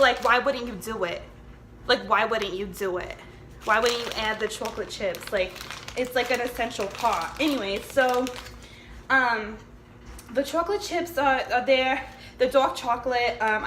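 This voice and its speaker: A woman putting on a loud, chatty New Jersey housewife, fronting a homemade cooking show with a high voice. She rambles off topic, curses freely and calls everyone honey. The kitchen sounds echoey, with a little background hiss. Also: lightly acted. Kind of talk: comedic cooking sketch. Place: home kitchen. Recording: echoey room with faint background noise.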